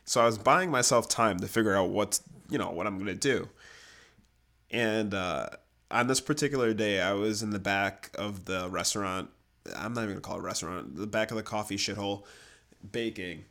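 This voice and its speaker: His voice is lowish and his pace fairly quick. This young man is sharing an amusing story from his own life in an easygoing conversation. He laughs a lot and performs the voices of whoever he's quoting.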